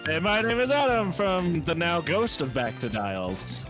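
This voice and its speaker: Excitable high-voiced man, unhurried, lively. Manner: excitable, exclamatory, laughs often. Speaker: charity stream co-host. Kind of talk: live gameplay commentary. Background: loud game music.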